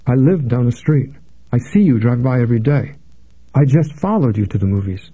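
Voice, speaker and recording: A man's voice: medium pitch, normal speed, breathy edge. A man reading an audiobook, voicing a young unemployed actor with an easy, trained manner. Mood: soothing. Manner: easy, trained, calm delivery. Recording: dry, phone-like narrow sound.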